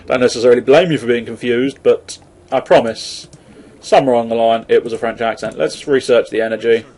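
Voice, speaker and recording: A man's voice: mid-range voice, steady tone, fairly quick, a little mellow, low-quality recording. A man giving casual, rambling commentary on a strategy game, swearing often and joking at his own expense. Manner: rambling, swearing, self-mocking. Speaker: gameplay commentator.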